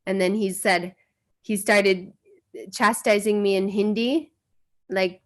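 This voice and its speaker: Speaking slowly with a medium pitch and fairly even intonation, an American guest speaker recounts memories from her life. She tells these personal stories earnestly, voicing the people she quotes.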